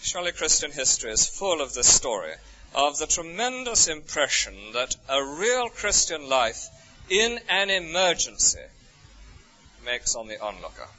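A man with an English accent preaching a sermon, full of rhetorical questions, his voice soaring high and then dropping to a hush. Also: normal speed, soft background music. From England. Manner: expressive, rhetorical questions, swings from soaring to hushed. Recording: dull lo-fi recording.

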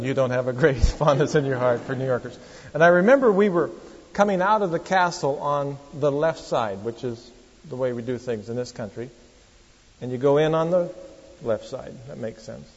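A pastor, preaching a sermon in a storytelling, conversational manner with wry asides to the congregation. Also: male voice, medium pitch, a little mellow, slightly rough. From Oregon, USA. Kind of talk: sermon with anecdotes. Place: church. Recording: echoey church hall, dull lo-fi sound.

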